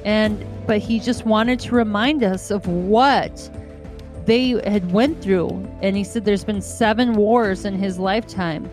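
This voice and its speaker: A woman's voice: mid-range voice, a little slow, a little mellow, soft background music. A woman from the United States hosting a podcast, talking through a casual monologue in an earnest, heartfelt way, repeating phrases for emphasis. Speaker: podcast host.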